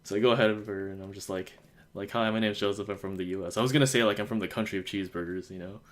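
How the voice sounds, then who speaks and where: Young American guy, lowish voice, casual podcast storyteller, filler-heavy, acts out the dialogue. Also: fairly even intonation, rapid-fire. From United States. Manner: rambling, many fillers, acts out quotes. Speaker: podcast host. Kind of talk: casual chat.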